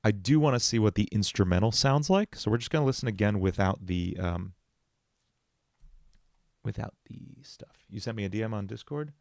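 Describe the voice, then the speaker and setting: Low gravelly man chatting on a livestream. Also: quick pace, few pauses, darkish tone, dry recording, studio quality. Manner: thinking aloud with fillers, answering chat. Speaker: musician and livestream host. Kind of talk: casual livestream songwriting chat. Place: home studio.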